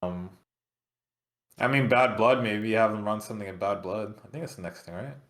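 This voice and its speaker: A man's voice: fairly low pitch, fairly quick, fairly bright tone. A man co-hosting a casual wrestling podcast, laid-back and profane as he muses over storylines. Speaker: podcast co-host.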